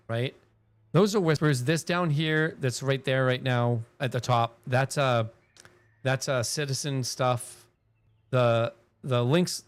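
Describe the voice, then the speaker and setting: A man giving casual live-stream commentary while playing a game, rambling, swearing freely and laughing often. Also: medium pitch.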